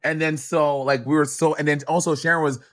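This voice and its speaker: A man's voice: on the high side, little pitch movement, a little fast. A man co-hosting a casual chat, telling stories bluntly with lots of swearing. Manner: blunt, profane storytelling. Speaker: podcast co-host.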